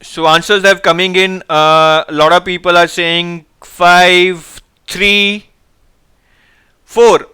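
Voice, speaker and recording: Energetic male teacher. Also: high-pitched, slow pace, smooth. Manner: energetic, coaxing viewers to answer. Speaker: online exam-prep teacher. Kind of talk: live online class, reading viewer answers.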